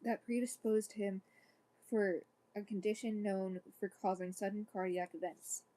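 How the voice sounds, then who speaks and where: Calm, kind female doctor, read softly by a woman storyteller; warm low-key tone. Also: measured pace, close to an everyday voice. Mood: gentle. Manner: gentle, reassuring, softly spoken.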